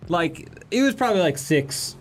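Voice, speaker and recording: A man's voice: high voice, sing-song, normal speed, a little hiss or hum. A man chatting casually as a podcast cohost, telling jokey anecdotes and slipping into silly voices. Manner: joking storyteller, puts on silly voices in anecdotes. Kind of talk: casual comedic chat over gameplay.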